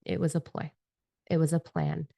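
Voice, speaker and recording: A woman's voice: low-pitched, flat delivery, normal speed, vocal fry, dark tone, dry recording, studio quality. A woman giving a spiritual energy forecast with tarot cards in a passionate, rambling and profane monologue. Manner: fervent, profane and rambling, admits getting carried away.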